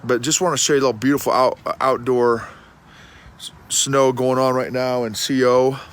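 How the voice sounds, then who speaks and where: A middle-aged man with a folksy, animated manner, talking to a phone camera outdoors in the snow and often restarting his words. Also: medium pitch, normal speed. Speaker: leadership coach and podcast host. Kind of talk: casual outdoor talk to camera.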